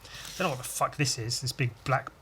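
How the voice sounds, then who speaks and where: Fast and medium-pitched, with a bright, forceful tone and slight background noise, this man hosts a drawing podcast and illustrates as he talks. He rambles solo in a casual monologue, tossing out crude jokes at his own expense.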